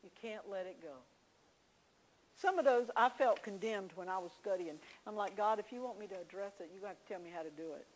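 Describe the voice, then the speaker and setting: A woman's voice: mid-range voice, brisk, poor audio. A woman teaching a church class, telling homey stories with confiding asides. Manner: folksy storytelling, confiding asides.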